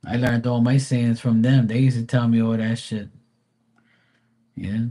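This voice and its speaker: A man's voice: medium pitch, little pitch movement, measured pace, mellow. A man in his forties chatting casually on a live stream as a tarot reader, rambling and swearing in a laid-back way. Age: 40s.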